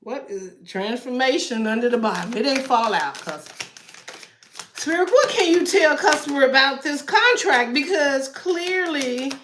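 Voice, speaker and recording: High-voiced, unhurried woman reading tarot. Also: expressive, echoey room, background noise. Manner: chatty, laughs often, talks to viewers as y'all. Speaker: tarot reader.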